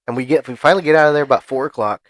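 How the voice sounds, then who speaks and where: A man's voice: mid-range voice, very fast, no echo, studio quality. A man co-hosting a podcast, telling a story in casual chat with lots of restarts. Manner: rambling storyteller, frequent restarts. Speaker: podcast co-host.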